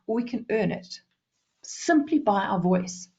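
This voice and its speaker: A woman from South Africa giving a presentation skills workshop, fast and lively, deliberately shifting her pace and loudness. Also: fairly high pitch, dull audio.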